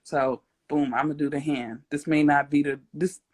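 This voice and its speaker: A woman's voice: low-pitched, fairly even intonation, moderate pace, darkish tone. A young adult woman hosting a casual livestream interview, playful and rambling, breaking into giggles and silly sound effects. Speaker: host.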